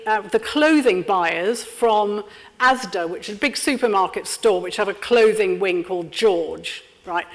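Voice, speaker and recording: A woman leading an interactive training workshop, lively and constantly checking in with her audience. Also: mid-range voice. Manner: lively, checks in with frequent "yeah?". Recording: lecture room with long reverb.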